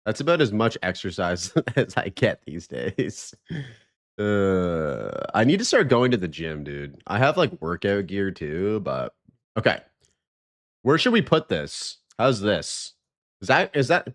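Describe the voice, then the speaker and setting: A man's voice: fairly low pitch, very animated, a little slow. A man hosting a live stream, chatting casually, greeting viewers and joking.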